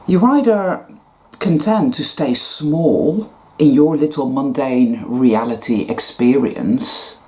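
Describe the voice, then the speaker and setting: A woman's voice: extremely low pitch, animated, takes it slowly, dark tone. A woman giving a blunt, profane, emphatic spiritual rant to camera. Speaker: spiritual vlogger. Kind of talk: ranting spiritual monologue.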